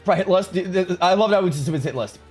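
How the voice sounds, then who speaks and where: With a high voice and a fast pace, a young man live-streams and chats casually with viewers, reading their comments aloud. He jokes sarcastically and keeps restarting his sentences while faint music plays behind him.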